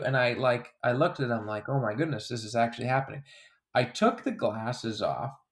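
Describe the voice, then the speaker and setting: As an interview guest, the creator of a comedy hunting character talks in a casual, rambling way, often restarting his sentences. His medium-pitched voice has lively intonation at a normal speed.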